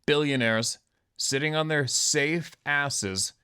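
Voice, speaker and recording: A man's voice: on the high side, slow, pushed and bright, clear, resonant tone. A man hosting his own show, delivering an angry, profane monologue rant full of sarcasm and scorn. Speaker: host.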